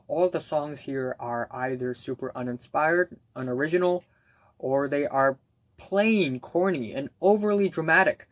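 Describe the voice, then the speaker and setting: A man's voice: a little high, fairly bright tone, no echo. Blunt, scornful young man reviewing albums. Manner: blunt and scornful, many ums and uhs. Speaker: music reviewer. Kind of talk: ranked album review monologue.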